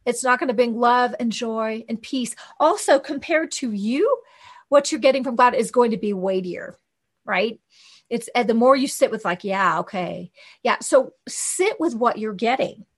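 A woman teaching about hearing from God in an informal, animated way, full of fillers and acted-out quotes. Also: on the high side, moderate pace. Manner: animated, conversational, with many fillers and quoted asides.

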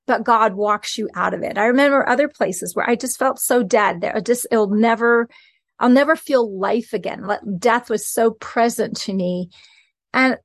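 A woman's voice: a little high, dry recording. A woman preaching an earnest, conversational sermon and reading scripture aloud as host of her podcast.

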